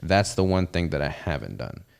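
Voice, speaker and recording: A man's voice: sits low, big pitch swings, normal speed, creaky, clear, resonant tone. A man with a Southern US accent, hosting a podcast and chatting about his business in an easygoing, rambling way. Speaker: podcast host and business owner. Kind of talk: casual chat.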